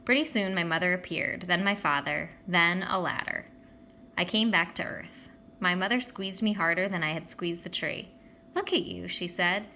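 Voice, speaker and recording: A woman's voice: lowish voice, normal speed, a little hiss or hum. Woman reading a children's novel aloud. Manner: expressive, voices the characters. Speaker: audiobook reader.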